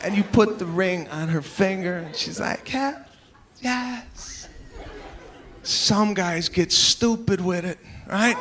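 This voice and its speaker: A male stand-up comedian telling stories in an animated, exasperated way, slipping into acted-out voices. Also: high-pitched, a little slow, few pauses, a little hiss or hum. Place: large theater with a live audience. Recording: live hall recording with crowd laughter.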